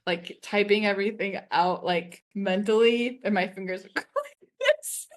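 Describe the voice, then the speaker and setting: A woman's voice: medium pitch, moderate pace. A woman in her thirties co-hosting a podcast in casual chat, telling stories with lots of "like" and frequent laughs. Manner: chatty, fills speech with "like", laughs often while telling stories. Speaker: podcast co-host.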